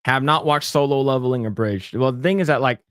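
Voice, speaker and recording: In a studio-quality recording with no echo, a man co-hosting a casual podcast talks fast in a medium-pitched, slightly bright, smooth voice. He reads comments aloud, jokes, trips over frequent stammered restarts, and breaks into mock voices.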